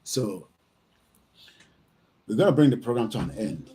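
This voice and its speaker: A man's voice: mid-range voice, expressive, measured pace, dark tone, slight background noise. A middle-aged man with a Nigerian accent hosting a casual livestream from home, rambling and slipping between English, Yoruba and Pidgin. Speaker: livestream host.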